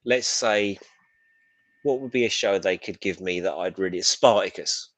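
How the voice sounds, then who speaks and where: A man co-hosting a casual pop culture talk show, animated and swearing freely. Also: deep voice, normal speed, no room sound. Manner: animated, swears freely, acts out silly voices. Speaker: podcast co-host. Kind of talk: casual chat.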